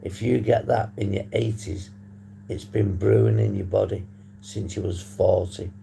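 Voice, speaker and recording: Husky, gravelly British-raised man, slow. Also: on the low side, steady tone, a little hiss or hum. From United Kingdom. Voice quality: gravelly, dark voice. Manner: rambling, swears casually, addresses chat. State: husky voice from a long phone call. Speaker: livestream host on addiction recovery. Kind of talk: casual live-stream chat to viewers.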